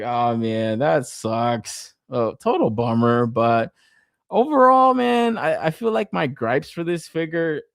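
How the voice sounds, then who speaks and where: Male podcast co-host, lively pitch, dry close sound, profane and animated. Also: gravelly, no room sound. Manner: profane, animated, laughs often. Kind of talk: casual toy review chat.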